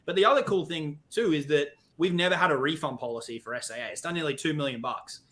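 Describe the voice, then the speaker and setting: Blunt, bright-voiced man. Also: a little high, quick pace. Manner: blunt, swears, quotes himself. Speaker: podcast guest. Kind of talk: casual chat.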